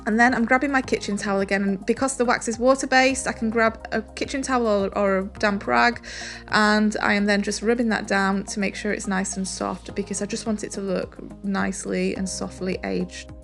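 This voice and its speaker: A woman narrating a furniture painting tutorial, relaxed and chatty, with soft music behind. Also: mid-range voice, a little fast. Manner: relaxed, chatty, says "um" and "really, really" often. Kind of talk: step-by-step painting tutorial voice-over.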